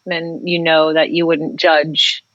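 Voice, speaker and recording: A woman's voice: low-pitched, flat delivery, takes it slowly, a bit bright, no echo, highs cut off. A woman singer-songwriter talking frankly and reflectively as a guest in a casual interview, rambling and swearing at times.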